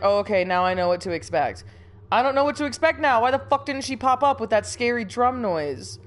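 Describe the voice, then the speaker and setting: Her voice sits on the high side as this young streamer works through a horror game. Nervous and easily startled, she curses a lot and giggles through the scares, still a little sniffly from a cold she just had.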